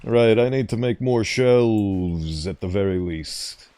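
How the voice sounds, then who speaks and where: A man's voice: lowish voice, slow, warm tone. A man giving casual, rambling commentary over a game, easily sidetracked and reading on-screen text aloud. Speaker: gaming streamer.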